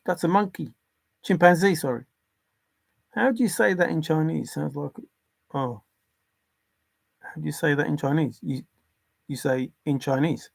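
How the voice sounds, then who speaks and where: A man's voice: a little high, vocal fry. A man hosting a casual livestream, talking earnestly and insistently about religion and reading viewer comments aloud. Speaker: livestream host.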